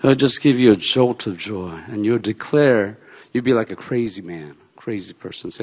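A man preaching, telling a personal story in an animated way, swinging from shouts down to soft, quiet lines. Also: on the low side, normal speed, husky, long reverb tail. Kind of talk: sermon storytelling.

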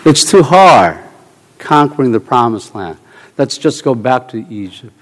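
A man preaching a sermon in an animated, storytelling way, repeating short phrases for emphasis and bursting into loud shouts. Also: mid-range voice, unhurried. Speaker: pastor. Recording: long hall reverb.

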